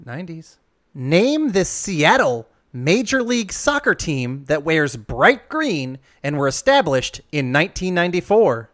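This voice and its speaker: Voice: mid-range voice, measured pace. A quiz game host reading questions and joking with contestants in an upbeat way. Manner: playful, jokey, animated.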